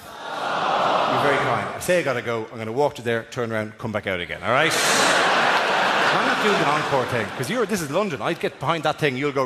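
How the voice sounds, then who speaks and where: An Irish stand-up comedian on a theatre stage, spinning riffs and acting out scenes in a high, wildly lively voice. The live recording carries clear background noise. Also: male voice. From Ireland. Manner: rapid rambling delivery with acted-out bits.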